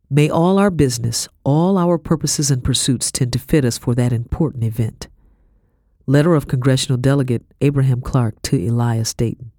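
Measured woman reading a historical novel. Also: low voice, dark tone, no echo, studio quality. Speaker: audiobook narrator. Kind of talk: scripted first-person narration.

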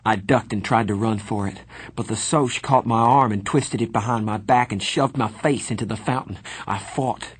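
A man reading a first-person story aloud in a measured, even storytelling manner. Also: lowish voice, slightly rough. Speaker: audiobook narrator. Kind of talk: scripted first-person narration.

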